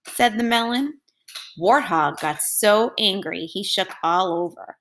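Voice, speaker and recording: A woman's voice: medium pitch, a little slow. Woman reading a picture book aloud. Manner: clear, expressive reading. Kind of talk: storybook read-aloud for children.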